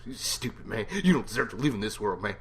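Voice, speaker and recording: A man's voice: on the low side, crowd noise, close to an everyday voice. A man doing a hot-headed, macho tough guy. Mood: heated. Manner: heated, confrontational, drawn-out "man".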